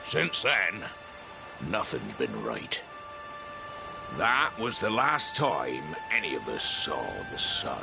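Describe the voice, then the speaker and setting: An actor voicing a folksy, kindly old fisherman in a video game, with a gravelly, rustic way of speaking. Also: deep voice, wildly swooping pitch, slow pace, exaggerated voice. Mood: grim. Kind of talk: game voice acting. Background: game music.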